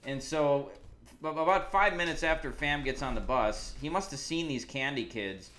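A man's voice: on the high side, normal speed, a bit bright. Easygoing man recapping on a podcast. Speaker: podcast co-host. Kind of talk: casual chat.

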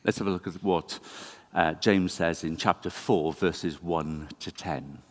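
Slow-speaking, low-voiced man preaching. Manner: conversational, animated, self-deprecating. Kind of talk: sermon. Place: church.

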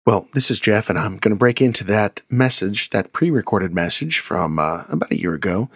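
A man, a pastor, retelling a Bible story as a sermon in a dramatic way, shifting between hushed and emphatic lines. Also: on the low side, lively intonation, moderate pace, breathy edge.

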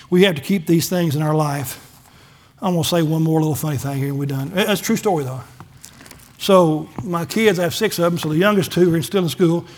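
A man's voice: a little high, darkish tone. A middle-aged man, a pastor giving a folksy testimony sermon and acting out the dialogue in his stories. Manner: folksy storytelling, acts out dialogue, gets emotional.

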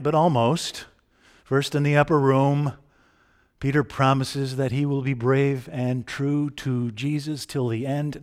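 A man preaching a sermon in a conversational way, often asking the listeners direct questions. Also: mid-range voice.

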